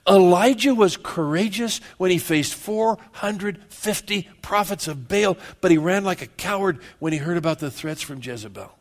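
A man preaching a sermon in a casual, conversational way, often calling his listeners "man" and "guys", repeating words as he builds, and moving between loud and hushed delivery. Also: sits high, moderate pace, hardly any pauses.

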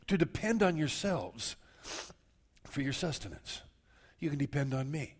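Preacher with a cold, animated and coughing. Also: male voice, fairly high pitch, normal speed. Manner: animated, acts out quoted voices. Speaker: pastor. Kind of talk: sermon.

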